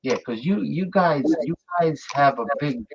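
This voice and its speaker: A man's voice: on the high side, lively intonation, measured pace, creaky, breathy edge, lo-fi sound. A man chatting casually on a video call, stammering and restarting, emphatic about what he likes. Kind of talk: casual chat.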